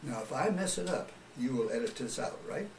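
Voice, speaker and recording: A man's voice: mid-range voice, animated, a little fast, darkish tone. An older man, a retired radio personality, telling folksy stories in an oral history interview. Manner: folksy storyteller, chuckles often. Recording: roomy, distant mic with background noise.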